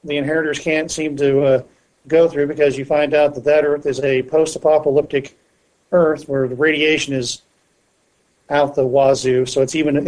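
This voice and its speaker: A man's voice: fairly high pitch, a little mellow, rough recording. A man co-hosting a casual comic book podcast, recapping a story in a rambling way with many fillers and restarts. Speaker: podcast co-host.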